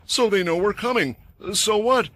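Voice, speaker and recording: A man voicing a cocky young male bowman in a fantasy story recap, talking in a high, strained and defensive way. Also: normal speed, fairly bright tone.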